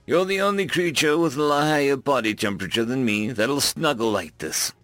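A man voicing a calm, caring furry alien woman who is an ambassador, speaking slowly and soothingly. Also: medium pitch, dry recording, soft background music, natural voice. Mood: gentle.

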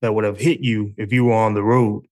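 A man voicing God in a story he reads aloud, with an even, gentle reading voice. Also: lowish voice, a little fast, close to an everyday voice. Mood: calm. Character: calm patient God, male, explaining.

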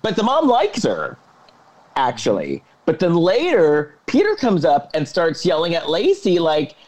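Animated man recapping a movie. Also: fairly high pitch, measured pace. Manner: animated, acts out quotes with dramatic flair. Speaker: podcast co-host. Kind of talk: casual movie recap chat.

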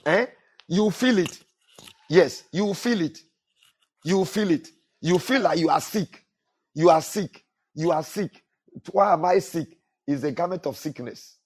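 A man's voice: high voice, expressive, measured pace, pauses often, a little mellow, husky. A male pastor preaching a sermon, repeating phrases and asking the congregation to fill in words. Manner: repetitive preaching with call-and-response questions to the congregation.

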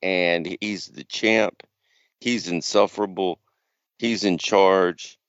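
A man's voice: low-pitched, steady tone, slow, clean tone, no echo, muffled recording. A man co-hosting a podcast, casually rambling through a story. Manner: rambling storyteller, acts out quotes. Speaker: podcast co-host. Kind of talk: casual chat.

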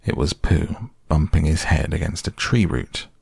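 A man reading a children's storybook aloud in a gentle, unhurried way. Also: extremely low pitch, vocal fry, husky, no echo, clean studio sound.

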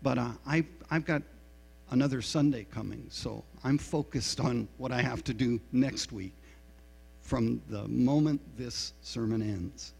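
A man's voice: medium pitch, unhurried, vocal fry, darkish tone, husky. A middle-aged man preaching a sermon as a pastor, telling a story in a frank, self-deprecating way. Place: church sanctuary. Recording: reverberant hall with mains hum.

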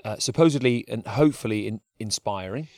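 A man co-hosting a podcast in casual chat, animated and rambling with frequent laughs. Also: lowish voice, fairly quick, no echo, studio quality. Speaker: podcast co-host.

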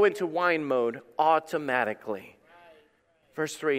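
A man's voice: fairly high pitch, moderate pace, in a large hall. A male pastor preaching a sermon in an emphatic, conversational way, repeating phrases for effect.

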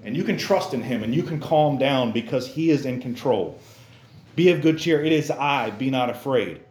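Animated preacher man with a lively voice. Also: medium pitch, normal speed, echoey room. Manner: animated, acts out characters in exaggerated voices; casual, youthful slang. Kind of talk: lively sermon. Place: church.

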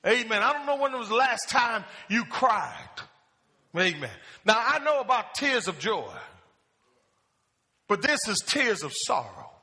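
A male pastor preaches in a church sanctuary and keeps calling on the congregation to answer him. His voice is bright and sharp. A long reverb trails behind his words in the hall. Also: very high-pitched, big pitch swings, a little slow. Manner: asks the congregation questions and calls for answers. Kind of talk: call-and-response sermon.

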